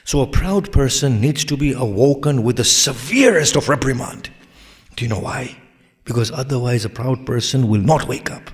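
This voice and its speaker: A man's voice: medium pitch, moderate pace. Man preaching with a lingering hall echo. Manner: swings between hushed near-whispers and loud forceful exhortation; addresses listeners directly with rhetorical questions. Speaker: religious lecturer. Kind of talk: sermon lecture.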